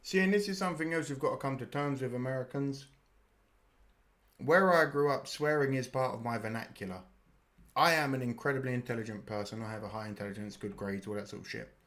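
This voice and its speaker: A man's voice: mid-range voice, brisk, a bit bright. A British man hosting a live reaction stream, chatting casually, explaining slang and swearing freely as part of his everyday speech. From United Kingdom.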